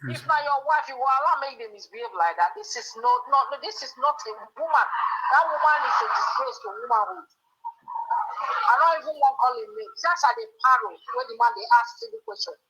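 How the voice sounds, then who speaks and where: A woman's voice: high-pitched, animated, a little fast, pushed and bright, lo-fi sound. A woman with a Nigerian accent calling in and scolding sharply, trading insults. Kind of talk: angry scolding.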